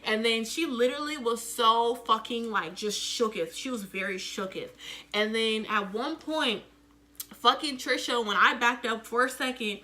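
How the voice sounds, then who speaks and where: A young woman telling a casual storytime, profane and animated, acting out the quotes loudly. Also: a little high, moderate pace. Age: young adult. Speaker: vlogger.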